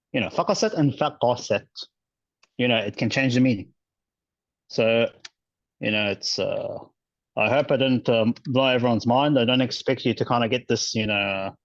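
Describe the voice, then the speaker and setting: A male teacher explaining recitation rules in a casual online class, relaxed and chatty with many fillers and restarts. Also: mid-range voice, no room sound, muffled recording.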